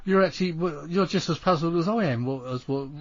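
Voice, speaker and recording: A man's voice: on the high side, fairly quick. A man hosting a radio interview, agreeable and prone to repeating words. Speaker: host. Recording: dull lo-fi audio.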